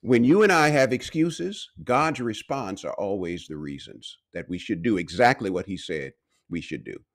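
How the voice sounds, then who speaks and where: Animated preaching man, lively pitch. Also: moderate pace. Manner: animated, emphatic preaching with repeated phrases. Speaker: pastor and university speaker. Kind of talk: devotional sermon.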